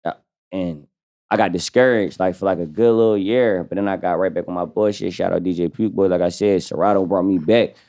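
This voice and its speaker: A man's voice: sits low, steady tone, a little fast, warm tone. A man guesting on a podcast, telling stories in a loose, slangy way with lots of fillers. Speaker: rapper guest. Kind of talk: casual podcast storytelling.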